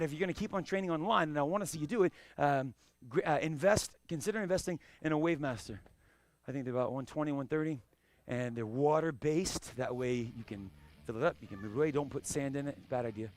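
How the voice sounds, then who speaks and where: Karate instructor guy, high voice with gravel, yelling strike counts in a studio. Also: no room sound. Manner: barks short commands and counts, shouting kiais. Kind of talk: live martial arts class instruction.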